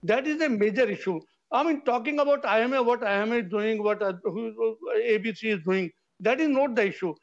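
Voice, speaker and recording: Indian doctor on a tv panel, high voice, keeps repeating himself to get a word in, dull lo-fi sound. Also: male voice, a little fast, few pauses. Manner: insistent, talks over others, repeats himself. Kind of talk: heated TV debate.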